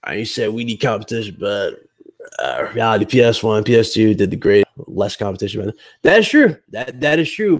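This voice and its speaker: A male streamer holds forth to his live chat, heated and blunt, mocking the people he argues with. His voice sits a little high for a man and swings widely up and down as he rants. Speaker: gaming podcast host.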